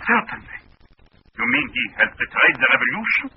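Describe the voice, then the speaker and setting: A raspy, anxious professor. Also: male voice, very high voice, sing-song, brisk, heavily acted. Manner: anxious, questioning. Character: eager, nervous male professor agent. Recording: tinny, narrow old radio.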